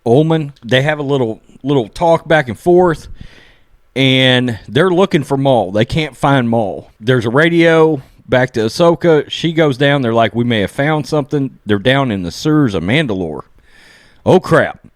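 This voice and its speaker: A man giving a casual episode review, excitedly recapping scenes and acting out the characters' lines, often saying "okay?" and "look". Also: mid-range voice, unhurried, dry recording, clean studio sound. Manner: animated, acts out character lines while recapping. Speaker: show reviewer.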